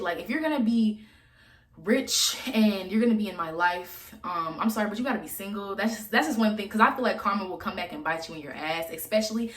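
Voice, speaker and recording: A woman's voice: medium pitch, fairly bright tone. A woman in her twenties telling a story to camera, blunt and profane, chatty and casual. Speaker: vlogger. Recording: echoey room.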